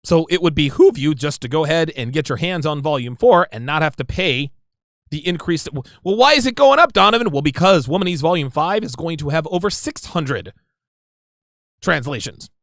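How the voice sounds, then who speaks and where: A man's voice: a little high, expressive, normal speed, fairly bright tone, no room sound, studio quality. A man hosting his own show, talking to his listeners in an emphatic, casual solo monologue. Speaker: podcast host.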